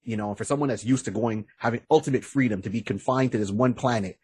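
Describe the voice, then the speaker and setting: A man's voice: medium pitch, quick pace, darkish tone, husky, no echo. A man co-hosting a podcast in casual chat, animatedly retelling stories and acting out characters' lines. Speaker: podcast co-host.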